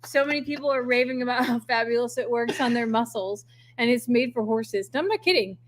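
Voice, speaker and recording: A woman's voice: fairly high pitch, fairly quick, a little hiss or hum. A woman co-hosting a casual live-stream chat, teasing and playful. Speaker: co-host.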